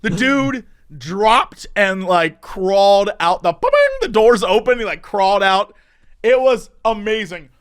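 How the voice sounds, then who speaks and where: A man's voice: sits high, slow, a bit bright, smooth. A man co-hosting a podcast, telling a story in casual chat and laughing often as he goes. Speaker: podcast co-host.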